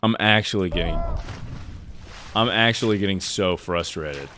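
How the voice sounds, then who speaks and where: Low-voiced young man streaming a game. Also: moderate pace, a little hiss or hum. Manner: chatty, swears, breaks into loud frustrated outbursts. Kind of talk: casual live gameplay commentary.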